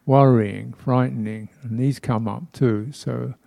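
A man teaching as a Buddhist teacher in a temple hall gives a dharma talk; his voice is warm, mellow, medium-pitched and creaky, with fairly even intonation. He speaks reflectively and unhurriedly, pausing a lot, laughing gently, and occasionally mimicking speech sounds playfully.

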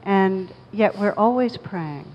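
A woman meditation teacher speaking in a soft, thoughtful, unhurried way during a reflective conversation. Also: medium pitch, expressive, a little hiss or hum. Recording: dull lo-fi sound with long reverb.

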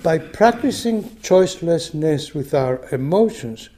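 Soft-spoken older man, slow dharma talk. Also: on the high side, animated. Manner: soft, unhurried, phrase ends dropping to a whisper. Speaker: meditation teacher. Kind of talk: dharma talk, reading a story aloud.

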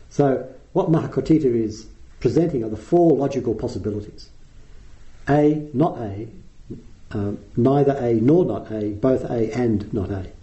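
A middle-aged Australian man giving a dharma talk as a meditation teacher, explaining in an unhurried way with frequent ums. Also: medium pitch, mellow, lo-fi sound.

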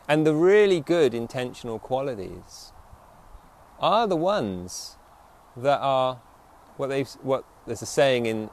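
A man with a medium-pitched, somewhat dark voice gives a meditative dharma talk in the role of teacher. Key phrases get a slower, weighted delivery, and he often checks in with his listeners.

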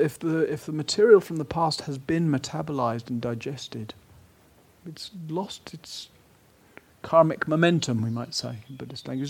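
A man leads a retreat with a gentle, unhurried dharma talk. His voice is husky and a little breathy, and he sometimes sinks to a near whisper. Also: medium pitch. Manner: gentle and unhurried, dropping to a soft whisper at times. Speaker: meditation teacher.

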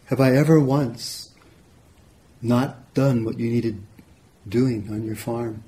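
A man voicing a gentle, loving male ox with a soft, sweet, calm and compassionate voice. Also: medium pitch, slow pace. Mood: gentle reproach. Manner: calm and patient.

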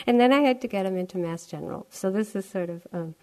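An older woman, a meditation teacher telling a personal story in a dharma talk, animated and laughing often. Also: medium pitch, quick pace, hardly any pauses.

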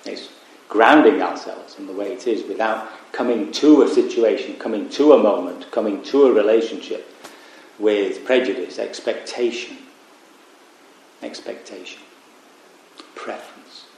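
A man's voice: lowish voice, darkish tone, slight background noise. Reflective male teacher in echoey room. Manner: reflective, pausing, wry asides. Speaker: Buddhist meditation teacher. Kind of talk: dharma talk. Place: retreat meditation hall.

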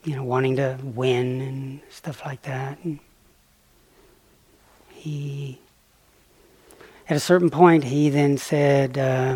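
A male meditation teacher tells a story during a dharma talk. His voice is husky and breathy, and he speaks slowly and softly, often dropping very quiet. Chuckles run through his storytelling. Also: medium pitch, steady tone. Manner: soft-spoken, often quiet, chuckling while telling stories.

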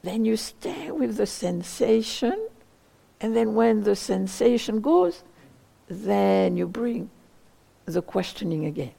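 A woman meditation teacher giving a dharma talk, searching for words slowly with many pauses and hedges. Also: mid-range voice, lively intonation, gravelly, warm tone.

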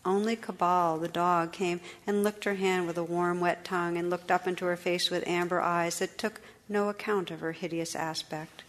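A woman meditation teacher reads an old legend aloud in a low voice. Her reading is measured and expressive, in the unhurried storytelling style of a dharma talk.

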